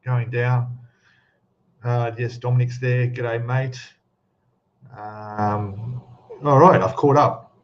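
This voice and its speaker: A man's voice: mid-range voice, fairly even intonation, slow pace, pauses often, slight background noise. A man hosting a casual live stream, chatting and greeting viewers one by one by name. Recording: slightly dull lo-fi sound.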